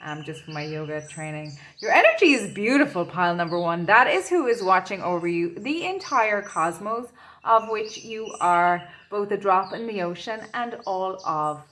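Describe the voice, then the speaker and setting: A woman's voice: mid-range voice, animated, normal speed, a bit bright, a little hiss or hum. A woman doing an intuitive tarot reading, rambling and searching for her words as she talks. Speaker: tarot reader.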